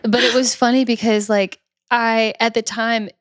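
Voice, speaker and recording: A woman talking as a podcast guest, telling a rambling, animated story with lots of laughter. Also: fairly high pitch, moderate pace, no echo, studio quality. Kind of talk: casual chat.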